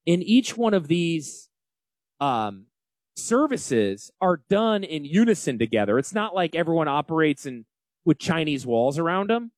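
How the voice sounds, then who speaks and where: Brief: forties Northern US male radio host, animated and self-deprecating, slightly high voice, dry close sound. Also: unhurried, no echo. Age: 40s. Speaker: financial advisor radio host. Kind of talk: casual talk radio chat.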